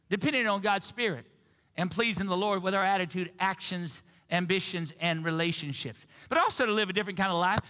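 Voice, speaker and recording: A man's voice: high-pitched, sharp tone. A male pastor preaching a sermon and getting the congregation to repeat phrases back. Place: church sanctuary. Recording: reverberant church sanctuary.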